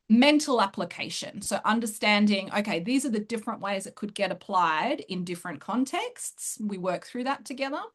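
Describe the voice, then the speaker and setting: Woman coach, casual interview talk, excited, laughs a lot, fast bursts. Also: medium pitch. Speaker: host and coach.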